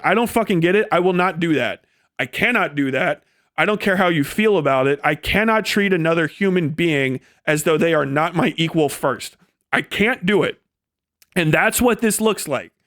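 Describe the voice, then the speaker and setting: Fairly bright and high-pitched, this young live streamer's voice carries an angry, profane political rant where he mocks others and lapses into sneering impressions. The audio has no echo and clean studio sound.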